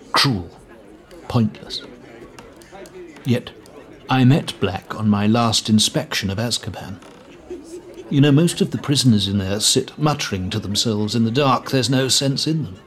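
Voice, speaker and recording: A man's voice: on the low side, lightly acted. A man voicing a pompous fretful minister. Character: anxious middle-aged male government minister, pompous.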